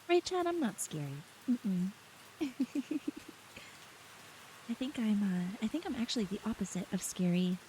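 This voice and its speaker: Woman, soft-spoken streamer, giggly, warm mellow tone, faint hiss and rain behind. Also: on the high side, low-quality recording. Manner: giggly, bubbly, greets chat often. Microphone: close ASMR microphone.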